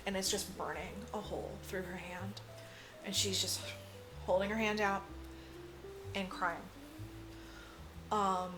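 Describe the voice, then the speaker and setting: A woman co-hosting a podcast, casually recapping a movie plot, swearing freely and acting out the characters' lines. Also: medium pitch. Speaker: podcast co-host.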